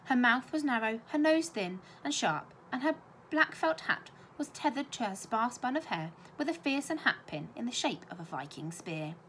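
A woman teacher reads a children's novel aloud with expressive storytelling. Her voice is set a little high and moves through a lively range of pitch. A faint background noise hums underneath. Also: normal speed.

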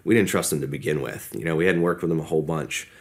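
A man's voice: extremely low pitch, fast. A man telling a war story in an interview, casual and talkative, acting out what people said. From United States. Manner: casual storytelling, acts out quoted dialogue. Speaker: podcast guest.

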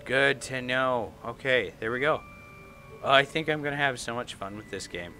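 A man playing a video game, chatting excitedly and reading the on-screen text aloud. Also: medium pitch, moderate pace. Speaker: gaming YouTuber. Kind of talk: let's play commentary. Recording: light game music behind.

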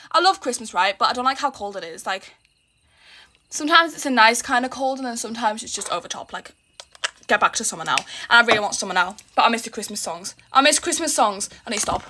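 Teen beauty vlogger, high and exasperated, recorded over steady cricket background noise. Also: female voice. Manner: rushed, exasperated, chatty. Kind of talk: casual get-ready-with-me chat. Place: home, indoors. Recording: noisy room with background cricket sounds. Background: cricket sounds from a smart speaker.

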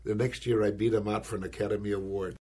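An older actor telling an anecdote in an interview, animated and acting out the voices he quotes, often adding "you know". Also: fairly low pitch, quick pace, husky. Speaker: actor recalling his career.

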